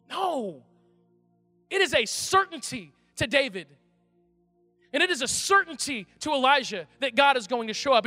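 A pastor preaching a sermon, animated and conversational, with emphatic outbursts. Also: male voice, extremely high pitch, fairly quick. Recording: reverberant hall, faint music.

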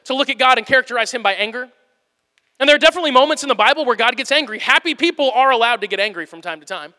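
Male preacher, very high and bright voice, animated, casual delivery, long hall reverb. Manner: animated, plain-spoken, playfully acts out quotes. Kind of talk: conversational sermon.

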